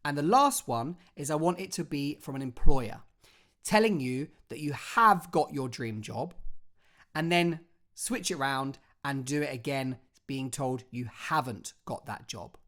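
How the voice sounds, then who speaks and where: A drama teacher, giving an online acting lesson with clear step-by-step instructions and a theatrical, expressive delivery. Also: mid-range voice, measured pace.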